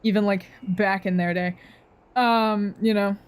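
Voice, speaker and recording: A woman's voice: medium pitch, fairly even intonation, unhurried, clear, resonant tone. A young woman streamer chatting casually, ranting in a rambling, profane way with frequent laughs.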